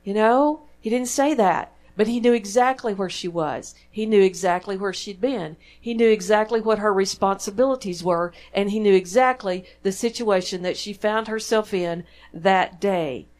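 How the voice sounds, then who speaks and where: A woman with a Texan drawl delivers a sermon from the front of a church. She talks in a warm-hearted conversational way, tossing questions out to the congregation. Her voice sits in a middle register for a woman. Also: mid-range voice, moderate pace, few pauses. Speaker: preacher. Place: church sanctuary.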